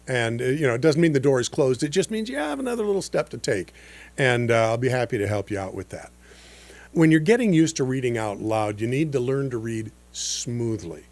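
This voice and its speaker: A man's voice: mid-range voice, darkish tone. A man in his sixties, a voice-over coach hosting a podcast lesson, explaining things in an easygoing, chatty way with frequent "uh" and "you know.".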